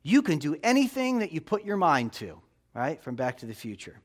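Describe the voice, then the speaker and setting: A pastor with a fairly high, very animated voice preaches a sermon at normal speed. He's emphatic, letting his voice rise and drop for effect.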